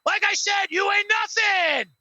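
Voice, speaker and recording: A man's voice: very high-pitched, measured pace, sharp tone, no echo, highs cut off, pitched above the performer's own voice, full character voice. Man putting on a brash male wrestling star mocking his rival, thin-toned and dry. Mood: taunting. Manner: trash-talking, repeats his catchphrase. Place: at home.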